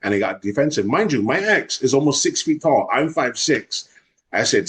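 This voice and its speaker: A young man from Hawaii, telling a wild personal story in a fast, unfiltered way as a podcast guest. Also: mid-range voice, expressive, slightly rough. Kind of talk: casual storytelling.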